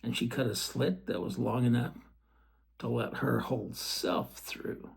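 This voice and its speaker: A man reads a storybook aloud at an unhurried pace, in a gravelly, husky voice. He keeps it gentle and turns to the listener now and then with chatty asides. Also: mid-range voice.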